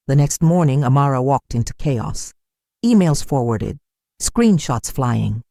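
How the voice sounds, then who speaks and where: A narrator reading a dramatic story in a steady, scripted storytelling style. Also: mid-range voice, a little slow, creaky, no echo, clean studio sound.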